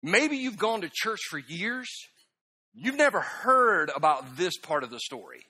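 A man preaching a humorous sermon, telling emotional stories, dropping soft and then bursting out laughing and loud. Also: high voice, unhurried, breathy edge. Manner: animated storytelling, swings from hushed to loud laughing outbursts. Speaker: pastor. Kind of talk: sermon with self-deprecating humor.

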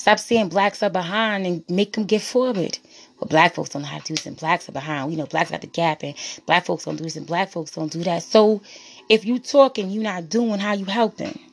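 A woman's voice: lowish voice, fairly quick. Blunt, preachy woman ranting over music. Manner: preachy, blunt and profane, repeats phrases for emphasis. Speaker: podcast host. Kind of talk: impassioned monologue.

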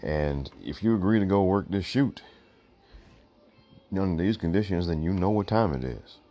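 A man's voice: sits low, expressive, normal speed, mellow, soft background music. A man hosting his own show, giving blunt, emphatic opinions and often repeating "look" to drive points home, while fighting the hiccups. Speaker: podcast host. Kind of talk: opinionated solo commentary.

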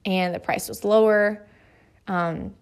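A woman's voice: mid-range voice, steady tone, slow pace, clean tone. A woman in her thirties, an author, speaking earnestly in a motivational monologue, stressing points by repeating phrases in lists.

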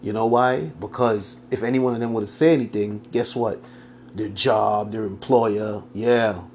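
A man hosting his own podcast, delivering an angry, profane political rant, often repeating himself and answering his own points with "yeah", dropping to a mutter and then surging louder. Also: fairly even intonation, moderate pace, a little hiss or hum. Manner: swings from muttering low to loud outbursts. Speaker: podcast host.

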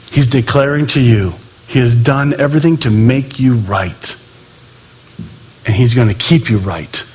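A man preaching a sermon in an animated way, acting out quoted voices and swinging between loud and hushed delivery. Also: lowish voice, husky. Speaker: pastor.

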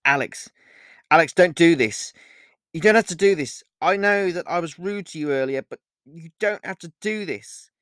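A man's voice: a little high, animated, unhurried, fairly bright tone, dry recording, studio quality. A man voicing a frightened pregnant young woman who is a werewolf, in an audiobook reading, speaking in a raised, urgent, pleading way.

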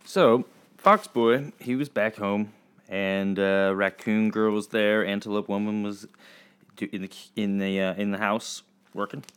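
A man teaching children, telling a story in a chatty, halting way full of fillers. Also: on the low side, steady tone, fairly bright tone, clear, resonant tone.

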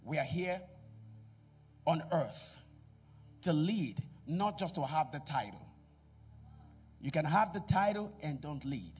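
A middle-aged man preaching a sermon in a church, calling out to the congregation and swinging between loud exhortation and quiet asides. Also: a little high, expressive, slow, pauses often, husky, far from the mic, soft background music. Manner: preaching with call-and-response to the congregation. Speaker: pastor.

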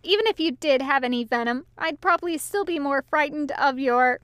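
A woman reader playing a giddy tipsy male angel, fussy, teasing, high and smooth, dry audiobook. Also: brisk, a bit bright, dry recording. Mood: gleeful. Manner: laughing, gleeful teasing. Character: drunk cackling male angel, fussy and gleeful. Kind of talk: fan fiction audiobook.

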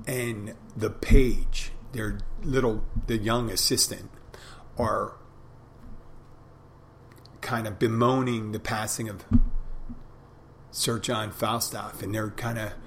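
Man, podcast host, solo monologue, slow and a bit low, reflective and rambling, faint ambience behind. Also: fairly bright tone, a little hiss or hum. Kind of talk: casual monologue.

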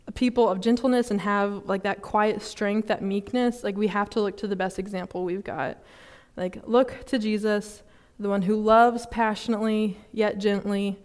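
A young woman giving a sermon at a student fellowship, casual and chatty, with many fillers and quick laughs at herself. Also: mid-range voice, darkish tone. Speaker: student ministry speaker. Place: church service hall.

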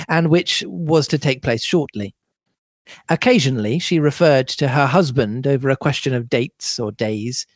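A podcast co-host reads a classic novel aloud with a lively, animated delivery, breaking off to laugh and banter. The sound is dry and close to the mic. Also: medium pitch, dry recording. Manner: lively, laughs often between passages.

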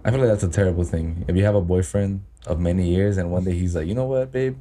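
A man's voice: sits low, steady tone, quick pace, mellow. A man co-hosting a casual podcast chat, joking crudely and swearing often. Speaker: podcast co-host.

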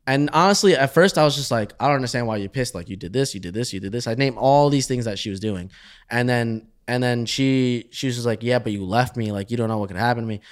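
Guy on a podcast rambling through a story, mid voice, lots of restarts, trails off quiet. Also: mid-range voice, fast. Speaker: podcast co-host. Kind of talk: casual storytelling chat.

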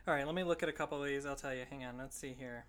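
A woman's voice: rumbling low, racing, slight background noise. A young woman co-hosting a podcast, chatting and telling stories in a chipper way. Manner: giggly, storytelling, chipper. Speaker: podcast co-host. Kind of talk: casual chat.

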